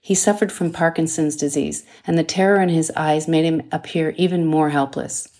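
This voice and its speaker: A woman, the author, reading her own thriller novel aloud in a measured, dramatic way. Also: low voice, fairly even intonation, darkish tone. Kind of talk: audiobook narration.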